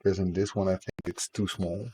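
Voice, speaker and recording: Husky low-voiced man streaming live. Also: level tone, moderate pace, warm tone, poor audio. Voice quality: husky from a sore throat. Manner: self-deprecating, chats with viewers while drawing. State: sore throat. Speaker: game developer streaming his work. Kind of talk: casual live stream chat.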